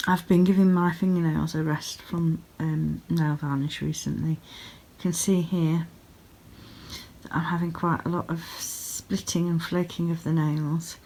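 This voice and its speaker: Sleepy and yawning, this yarn-dyeing vlogger in her thirties gushes over small pretty things as she chats casually from the craft room at home. She speaks low, level, and unhurried, with a warm tone.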